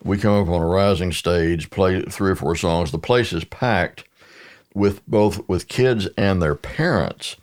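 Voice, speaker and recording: A man's voice: low voice, unhurried. An older man, a podcast guest, telling stories in a rambling conversational way with many restarts. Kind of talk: conversational storytelling. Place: radio studio.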